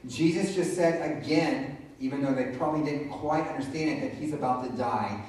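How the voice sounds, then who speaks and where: A man's voice: medium pitch, darkish tone, slight background noise. A man pastor giving a conversational sermon, retelling scripture in his own casual words. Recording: very echoey room, voice from a distance.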